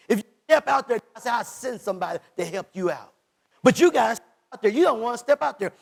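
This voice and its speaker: A male pastor a sermon, voicing God's words, swinging between shouted lines and hushed ones. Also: very high voice, expressive, quick pace, creaky.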